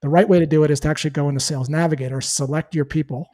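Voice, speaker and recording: A man's voice: fairly high pitch, steady tone, very fast, mellow. A man who works as a sales trainer, answering interview questions in a teaching tone and acting out sample call lines. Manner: explains with acted-out call examples.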